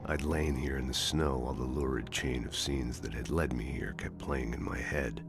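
An actor playing a weary hard-boiled detective narrating a grim noir monologue in a video game. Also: male voice, rumbling low, steady tone, moderate pace, music in the background.

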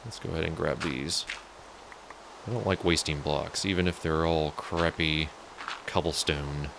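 Gamer host, male, low gravelly voice, laid-back jokey commentary while building. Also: measured pace, background noise. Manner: chatty, jokey, talks to viewers. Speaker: let's play host. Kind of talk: casual gameplay commentary.

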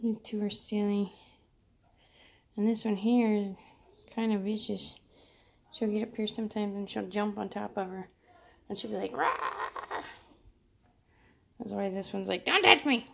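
A woman's voice: mid-range voice, little pitch movement, normal speed, gravelly, pauses often, mellow. A woman in her home kitchen, casually chatting and laughing while she talks to her cats and films them. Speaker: vlogger filming her cats. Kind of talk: casual home vlog chat.

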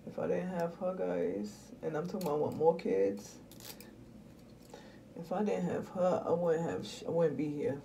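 A woman venting bluntly and profanely to her viewers in casual talk, swinging between muttering and loud outbursts. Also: fairly low pitch, moderate pace, gravelly, slight background noise. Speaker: vlogger.

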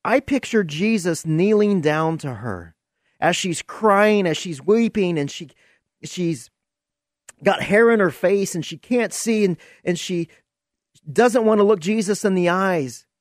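An earnest man delivers a preaching-style podcast monologue, unhurried and deliberate, telling the story with emphasis. His voice sits a little high for a man. The sound is close and dry, with no room around it. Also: animated, no echo. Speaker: podcast host.

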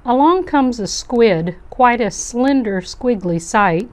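A woman reading a children's picture book aloud for a youth club, gentle and expressive. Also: fairly high pitch, slow. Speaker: storybook reader for a youth club.

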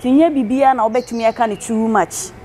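Ghanaian prophetess lady talking easy, kinda high voice, some light background noise. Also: fast. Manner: relaxed conversational, mixing in English words. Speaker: prophetess guest. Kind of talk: interview answers.

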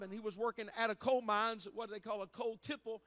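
High-voiced preacher man. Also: level tone, normal speed. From Appalachia. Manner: storytelling preacher, builds to loud emphatic calls. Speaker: pastor. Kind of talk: sermon. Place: church sanctuary.

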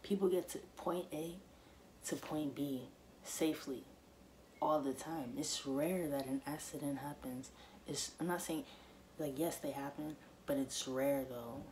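Woman vlogging to the camera, pretty low voice, keeps hammering the same point, faint hiss behind. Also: fairly even intonation, measured pace, warm tone. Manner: emphatic, repeats her points, speaks straight to viewers. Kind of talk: casual to-camera monologue.

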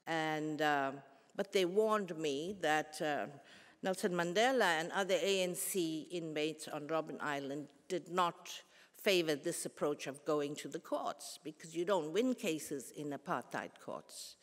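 A woman, giving a formal public lecture in a measured, earnest way with pauses and restarts. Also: deep voice. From South Africa. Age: 70s. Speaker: guest lecturer. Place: large concert hall. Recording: long hall reverb.

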